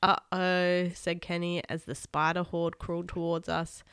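A woman reading a children's chapter book aloud to a child as a teacher, animated and doing sound effects. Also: on the low side, normal speed, clear, resonant tone, no echo, studio quality.

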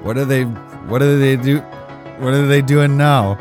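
A man co-hosting a podcast in casual, rambling chat, self-deprecating and relaxed. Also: mid-range voice, measured pace, soft background music. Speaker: podcast co-host.

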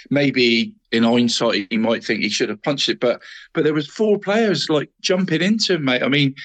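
A man's voice: on the high side, fairly bright tone. A man, co-hosting a casual football chat, rambling on and calling his co-host mate constantly.

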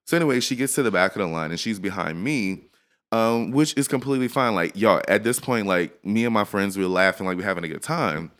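A slightly tipsy man hosting a podcast, telling a story in a loose, animated way with lots of laughter and filler words. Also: lowish voice, brisk. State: a bit tipsy from drinking. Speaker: podcast host. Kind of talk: casual storytelling chat.

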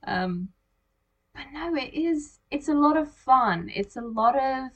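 A woman's voice: high voice, takes it slowly, muffled recording. Chatty woman reviewing a film. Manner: animated, acts out reactions in quoted asides. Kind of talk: casual movie discussion.

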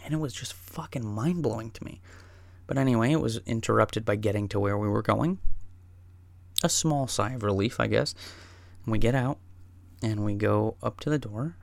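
Man, gravelly voice, dry close sound, casual rambling storytelling, lots of swearing. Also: medium pitch, moderate pace, long pauses, no echo. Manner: profane, rambling, excitable.

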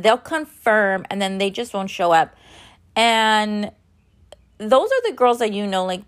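A woman in her thirties telling a story in a casual, rambling way, with lots of filler words and blunt swearing, sounding tired. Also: mid-range voice. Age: 30s. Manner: chatty, rambling, many "like" fillers.

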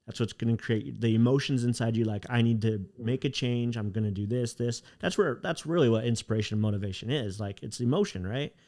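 A man's voice: medium pitch, brisk, hardly any pauses, a little mellow. A man hosting a podcast interview, explaining an idea one step at a time. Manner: lays out ideas as step-by-step chains. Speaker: podcast host. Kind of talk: casual interview chat.

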